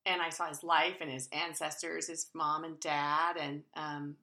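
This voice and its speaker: A woman's voice: low voice, measured pace, echoey room. A woman co-hosting a podcast in casual chat, telling stories animatedly and imitating bird calls. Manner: animated storyteller, imitates owl hoots. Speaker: podcast co-host.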